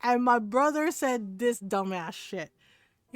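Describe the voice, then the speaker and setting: A woman streamer casually telling a long family story, animated and full of "like" and "right?". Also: fairly high pitch, unhurried, no echo. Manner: animated, many fillers like "right?". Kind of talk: casual storytelling while gaming.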